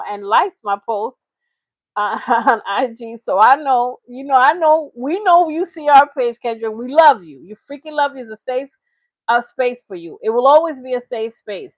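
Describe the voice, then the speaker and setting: A woman's voice: a little high, moderate pace, dry recording. A woman hosting a reaction channel, talking in casual, chatty commentary with frequent laughs. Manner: chatty, laughing, slips into mocking impressions.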